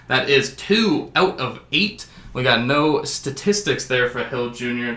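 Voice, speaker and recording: A man's voice: mid-range voice, bright, forceful tone, roomy sound. A man hosting a sports card break, calling out each card and adding jokey asides. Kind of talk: casual card-opening commentary.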